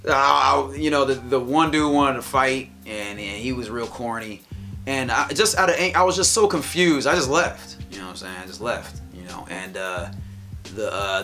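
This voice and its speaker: A man talks through a story at an everyday pitch, in loose, rambling sentences with frequent restarts. Music plays clearly behind him. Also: sharp tone. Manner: rambling, restarts, quotes others in raised voice. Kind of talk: casual storytelling chat.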